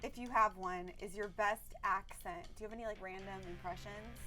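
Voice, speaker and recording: A woman's voice: mid-range voice, steady tone, fairly quick, bright, forceful tone, soft background music. A woman co-hosting an interview, bubbly and teasing. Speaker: co-host. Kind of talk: show host interview.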